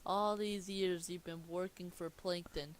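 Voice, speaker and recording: A greedy old crab who runs a burger joint, gruff and loud, as a casual reader puts him on. He barks his lines with heavy emphasis, stretching some words out. The feel is an amateur cartoon script read aloud. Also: medium pitch, fairly even intonation, unhurried, natural voice. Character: greedy gruff crab restaurant boss, male.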